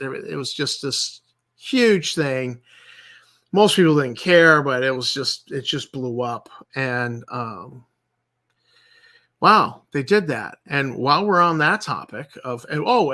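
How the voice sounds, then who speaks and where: Forceful, exasperated man ranting. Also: mid-range voice, takes it slowly. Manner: exasperated, sarcastic, repetitive. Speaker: channel host. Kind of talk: ranting commentary.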